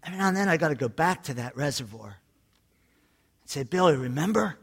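A man with a high-pitched voice preaches a lively sermon. He tells jokes and stories and hammers his points home with repetition. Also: quick pace, breathy edge. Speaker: pastor.

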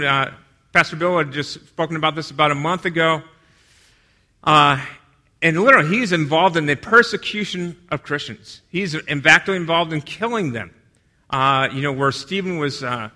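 A man preaching a sermon, moving from emphatic delivery to quiet, hushed retellings of scripture scenes. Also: fairly high pitch. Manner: dynamic, drops to a hush for quoted lines.

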